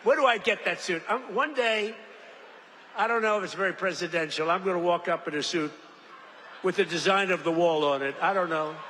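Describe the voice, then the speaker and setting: A man's voice: sits high, a little fast, sharp tone, slight background noise. An older man giving a rambling, boastful rally speech from a podium, with mocking asides and acted-out quotes. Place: large event venue. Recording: reverberant venue with faint ambience.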